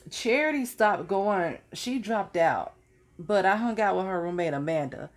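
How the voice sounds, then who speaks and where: A woman's voice: mid-range voice, lively intonation, measured pace. A young adult woman telling stories from her college years in a casual, chatty way, now and then laughing at her own story. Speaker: vlogger.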